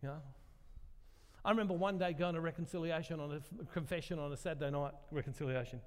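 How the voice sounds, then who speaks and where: A man's voice: a little high, fast talker. Older man preaching in a reverberant church. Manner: conversational, asks the congregation questions, self-deprecating humor. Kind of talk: sermon.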